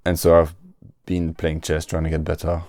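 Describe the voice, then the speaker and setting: A man's voice: very deep voice, completely flat delivery, moderate pace, darkish tone, dry recording. A man, hosting a casual solo podcast, often stopping to search for words and restarting his sentences. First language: French. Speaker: podcast host.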